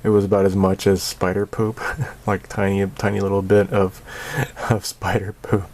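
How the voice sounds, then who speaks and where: A man with a lowish voice gives a casual channel update. He rambles in a sarcastic tone and keeps breaking into laughter. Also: completely flat delivery, normal speed, darkish tone. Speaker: channel host.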